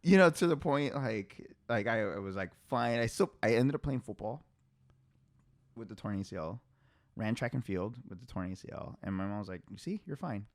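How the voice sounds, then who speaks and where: Young man, podcast host, animated storyteller, laughs a lot, dry close sound. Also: on the low side, normal speed, no echo. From Hispanic family background. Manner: animated, laughing storyteller, heavy filler words. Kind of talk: casual storytelling chat.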